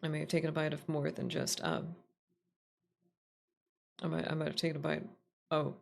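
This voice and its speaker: A woman's voice: low-pitched, fairly even intonation, moderate pace, creaky, a little hiss or hum. A woman streaming a game, chatting casually with viewers in a playful, teasing way and laughing often. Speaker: VTuber streamer. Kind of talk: casual live-stream chat.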